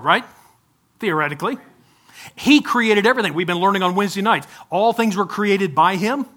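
A man's voice: high-pitched, pushed and bright. A male pastor preaching a conversational sermon, often asking the congregation direct questions.

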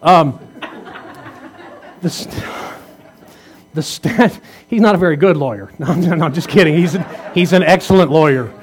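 A man's voice: a little high, moderate pace, pauses often. A man in his fifties, a pastor preaching a sermon in a conversational way, asking rhetorical questions and teasing the congregation. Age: 50s. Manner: jokes and teases the congregation.

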